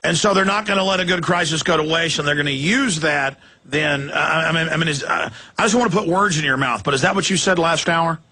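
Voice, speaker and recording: A man hosting a call-in talk radio show, ranting fast and sarcastically, middle-aged. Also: a little high, sharp tone, a little hiss or hum.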